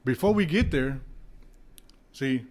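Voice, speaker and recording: Taking his time in a mid-range voice, a former heavyweight fighter on a podcast tells relaxed stories. They come out animated, laced with profanity and bursts of laughter.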